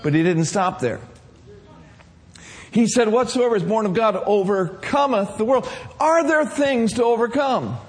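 A man's voice: high voice, lively intonation, a little slow. A man preaching a sermon, leading the congregation in call-and-response and repeating his key phrases.

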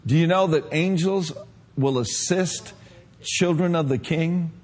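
A male pastor preaching a sermon, retelling a vision and rising to fervent shouts. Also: a little high, measured pace. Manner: preacher reading a vision aloud, building to shouts.

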